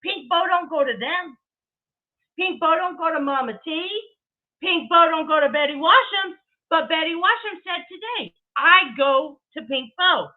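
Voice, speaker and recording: A woman's voice: very high-pitched, normal speed. A woman giving a heated, profane commentary rant with emphatic delivery and laughing asides. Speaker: commentary streamer. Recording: tinny phone-like audio.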